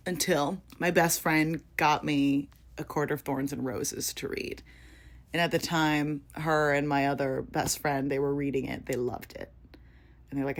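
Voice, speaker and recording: A young woman in her twenties, chatting casually to camera about her reading. Her voice sits low, and her talk is loose and full of fillers. It leaps into high, excited bursts, then drops back down. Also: moderate pace. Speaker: vlogger. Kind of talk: casual chat about books.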